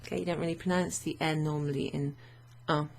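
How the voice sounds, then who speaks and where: A woman's voice: deep voice, fairly even intonation, brisk, creaky. A woman teaching French vocabulary to learners, chatty and thinking aloud with fillers and frequent little laughs.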